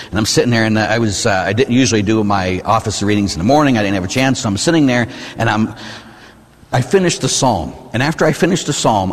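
Animated preaching priest in a reverberant hall. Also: male voice, fairly low pitch. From United States. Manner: animated preaching, asks "huh?" often, swings between loud and hushed. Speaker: Catholic priest. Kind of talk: sermon.

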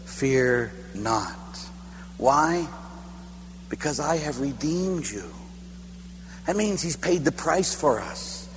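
A priest, a man with a slightly high voice, tells his story to a retreat crowd, acting out the lines and building emphasis. He sounds roomy and echoey with a long reverb tail, with a faint hum underneath. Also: animated, slow pace, long pauses. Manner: storytelling with acted quotes and rising emphasis. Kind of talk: retreat talk.

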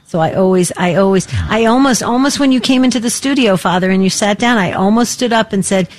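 A woman hosting a radio talk show, chatting warmly and effusively with many fillers and restarts. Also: medium pitch, brisk.

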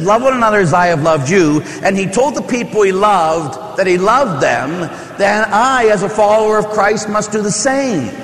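Priest preaching in a reverberant church. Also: male voice, on the high side, fairly bright tone. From Pittsburgh. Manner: storytelling, conversational with asides and rhetorical questions. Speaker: Catholic priest. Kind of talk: sermon.

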